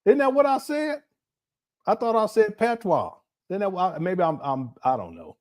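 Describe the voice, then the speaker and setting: A commentary host rambles through casual reaction content, joking, laughing often, speaking in slang and calling his viewers family. His high voice is sing-song and a little mellow at a normal speed.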